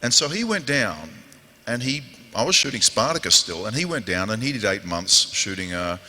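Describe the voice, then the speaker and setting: A man with a New Zealand accent telling animated stories on a convention panel, acting out quoted voices and growls as he goes. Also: fairly low pitch, normal speed. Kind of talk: animated storytelling to an audience. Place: large convention hall. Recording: echoey convention hall with long reverb.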